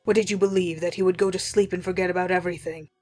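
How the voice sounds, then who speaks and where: A woman's voice: fairly low pitch, fairly even intonation, rapid-fire, a little mellow, faint music behind, lightly acted. A woman voicing an indignant male spirit companion from a visual novel, speaking formally and scolding sharply.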